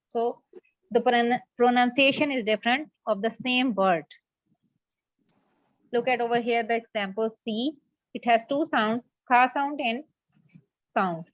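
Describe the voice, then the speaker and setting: A woman's voice: on the high side, no echo. Patient woman teacher. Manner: patient, repeats points and checks with "okay?". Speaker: English teacher. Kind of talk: classroom lecture. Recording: muffled lo-fi classroom recording.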